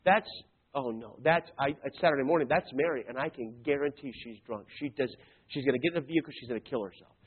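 A male preacher voicing an alarmed pastor speaking urgently and low, over a tinny phone-like recording. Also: fast talker, slightly rough, lightly acted. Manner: urgent worried. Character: alarmed middle-aged male pastor driving.

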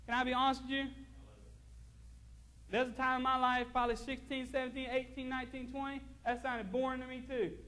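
Male pastor, very high voice, fervent repetitive preaching, echoing church sanctuary. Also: little pitch movement, fairly quick, pushed and bright. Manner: fervent preaching, repeats phrases, reads scripture aloud. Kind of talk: sermon. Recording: long hall reverb.

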